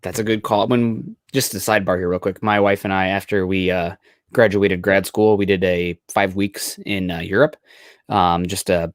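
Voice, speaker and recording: Low-voiced and moderately paced, a young podcast host from Iowa rambles casually, leaning heavily on filler words. The audio is dry and studio quality.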